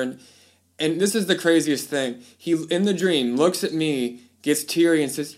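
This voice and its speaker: A man's voice: on the high side, fairly quick. A man hosting a podcast, chatting casually and rambling, with lots of fillers and restarts. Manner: puts on voices when quoting people. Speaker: podcast host. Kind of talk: casual chat.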